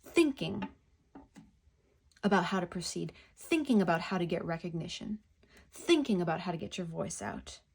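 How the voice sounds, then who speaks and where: Gentle, effusive woman reading tarot cards. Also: lowish voice, expressive, normal speed, creaky, pauses often, husky. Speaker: tarot card reader. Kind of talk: pick-a-card tarot reading.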